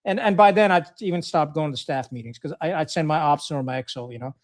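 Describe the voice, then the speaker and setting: Man, middle-aged, high voice, blunt, profane, animated storyteller, podcast guest. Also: fast talker. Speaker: podcast guest, retired Marine officer.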